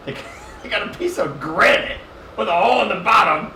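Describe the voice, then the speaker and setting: A middle-aged man rattles off a crude, comic travel story at a quick clip, voicing everyone he quotes. He sits back from the mic in an echoey room with a steady hiss behind him. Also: high voice. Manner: animated, profane, comic storyteller who acts out quotes. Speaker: podcast guest. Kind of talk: casual storytelling chat. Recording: roomy, distant and noisy podcast mic.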